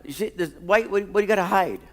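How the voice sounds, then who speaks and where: A male pastor delivering a sermon in a church, his voice a touch higher than most men's. He swings from loud, fervent preaching down to hushed, personal storytelling. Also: fast. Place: church sanctuary.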